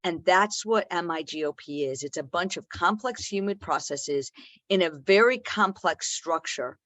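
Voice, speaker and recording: A speaker on a video call with a medium pitch, set in a dry, close sound with no room echo. They explain their background in a calm, measured way. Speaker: party officer candidate presenting plans.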